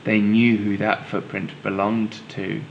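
A man's voice: lowish voice, level tone, measured pace, gravelly, muffled recording, slight background noise. A man, a teacher, reading a children's storybook aloud and patiently explaining it to young listeners.

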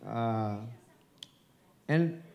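A man's voice: mid-range voice, lively intonation, drawn-out words, gravelly, lo-fi sound. A man with a Filipino accent, a dubbing director and broadcaster, giving a chatty, encouraging live speech at an event, speaking into a handheld microphone held at his chin. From Philippines. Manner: chatty and encouraging, joking with the audience. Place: event venue before an audience.

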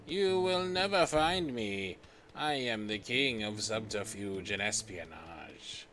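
A man's voice: lowish voice, expressive, takes it slowly. A man voicing a mischievous, gloating goose that calls itself a king, in a theatrical, taunting way over a noisy recording.

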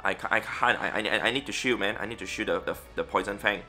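Young male gamer, lowish bright voice, chatty play-by-play, faint music bed. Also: fast talker. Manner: chatty, thinks aloud, frequent fillers and restarts. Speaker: gaming streamer. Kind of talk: live gameplay commentary.

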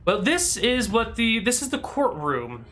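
Bright-voiced male game master. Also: sits high, very animated, measured pace, faint music behind. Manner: casual, describing scenes with many fillers. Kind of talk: narrating a tabletop game.

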